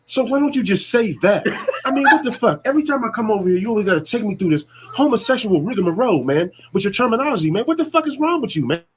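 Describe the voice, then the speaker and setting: A man's voice: high voice, sing-song, fast talker, slight background noise, poor audio. A man acting out an exasperated customer in a barber's chair who rants and swears in a comedy skit.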